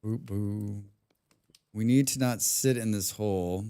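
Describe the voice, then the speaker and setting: A young man commenting live on a survival game, excitable, talking to himself, humming and swearing between moves. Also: fairly low pitch, slow pace, smooth. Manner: excitable, talks to himself, hums and mutters while playing; swears often. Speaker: streamer.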